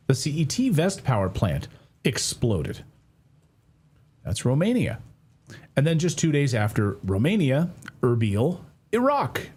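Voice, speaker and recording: A man's voice: mid-range voice, a little mellow, husky. A middle-aged man hosting a news commentary show, talking to camera in a conversational way, correcting himself and dropping wry asides.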